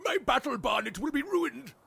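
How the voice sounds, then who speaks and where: A man's voice: very high-pitched, expressive, normal speed, gravelly, a bit bright, husky, heavily acted. A man voicing a vain, fussy nobleman who whines about his hair. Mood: fretful. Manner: camp, whiny, fussy.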